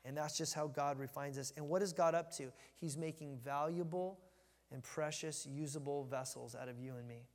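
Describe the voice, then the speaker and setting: A man's voice: a little high, steady tone, moderate pace, in a large hall. A man preaching a casual, folksy sermon, joking with the room and often restarting his sentences. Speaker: pastor. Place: church sanctuary.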